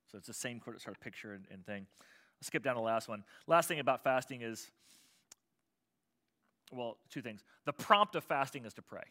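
A man preaching a sermon as pastor, swinging from loud, impassioned pleading to quiet explanation. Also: mid-range voice, animated, moderate pace, long pauses.

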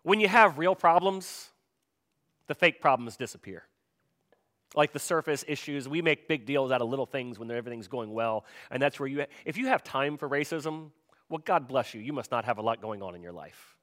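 A man's voice: medium pitch, expressive, moderate pace, fairly bright tone. A man preaching a sermon in a conversational way, often turning to ask the congregation questions. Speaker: pastor.

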